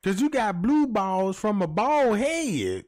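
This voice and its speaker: Animated slangy man ranting on a stream. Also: sits high, slow. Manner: animated, swearing, slangy, keeps asking the chat. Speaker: livestream host. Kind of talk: comedic livestream rant.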